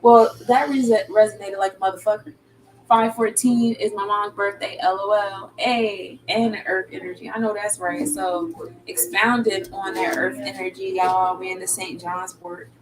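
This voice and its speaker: A woman's voice: mid-range voice, fairly even intonation, moderate pace, distant mic, a little hiss or hum, rough recording. Slangy woman reading tarot on a stream. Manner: loose, slangy, laughing asides. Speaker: tarot reader.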